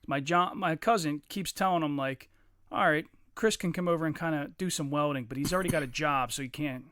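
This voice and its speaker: A man's voice: fairly high pitch, a little fast, no echo, clean studio sound. A man casually telling a long, profane story on a podcast, mimicking the people in it. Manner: profane, animated, mimics others mid-story. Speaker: podcast co-host.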